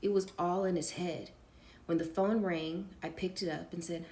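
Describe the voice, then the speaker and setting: A woman's voice: fairly low pitch, unhurried. A woman casually reading a first-person memoir aloud, breaking off with off-script asides to her listeners. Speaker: storyteller.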